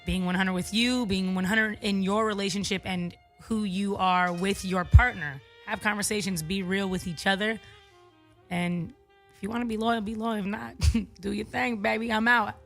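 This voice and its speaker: A woman's voice: mid-range voice, fairly even intonation, moderate pace, a bit bright, soft background music. A woman guest on a radio talk show, speaking casually and playfully. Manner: playful and giggly. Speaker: panel guest.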